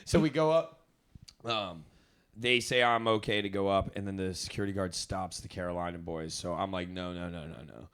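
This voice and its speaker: A man's voice: low-pitched, normal speed, a bit bright, clean tone. Laughing, profane young man telling a story. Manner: rambling, profane, laughs mid-sentence, acts out quotes. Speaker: podcast co-host. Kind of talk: casual storytelling chat.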